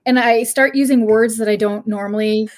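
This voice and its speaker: Bright-pitched woman from Maine, laughing. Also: normal speed. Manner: laughing, animated storyteller. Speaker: podcast guest. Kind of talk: casual interview chat.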